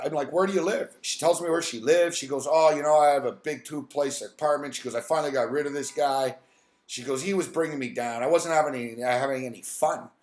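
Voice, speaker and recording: A man hosting a live stream, telling a rambling, profane story about a coworker in a casual, animated way. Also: on the high side, roomy sound. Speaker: host.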